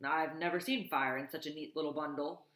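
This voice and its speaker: A woman's voice: low-pitched, fairly even intonation, fairly quick, fairly bright tone, echoey room. A woman voicing a chatty, helpful male beaver who builds lodges, eager and bossy as he gives advice. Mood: cheerful.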